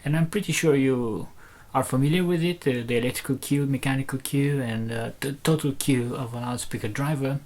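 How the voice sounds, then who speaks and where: Talking a little fast with few pauses, a man with a mid-range, darkish voice shows off a loudspeaker driver he makes. He's hesitant, full of fillers and restarts, yet explains the tech step by step in a casual way.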